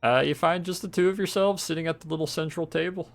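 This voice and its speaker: A man running a tabletop game as game master, narrating scenes in a casual, relaxed way with fillers. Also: fairly high pitch, fast, vocal fry, soft background music.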